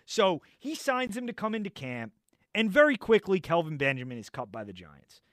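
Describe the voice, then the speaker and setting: A man hosting sports talk radio, loud and mocking, arguing and ranting from a studio mic. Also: high voice, sing-song, normal speed, no room sound. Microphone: studio microphone.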